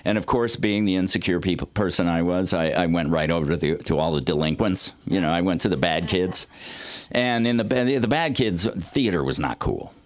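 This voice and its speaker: Deep-voiced older man telling comic stories. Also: normal speed, no echo. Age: 60s. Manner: rambling, loose and profane, with filler words; swings his pitch widely for comic effect. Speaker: comedy teacher performing at an open mic. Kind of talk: stand-up storytelling.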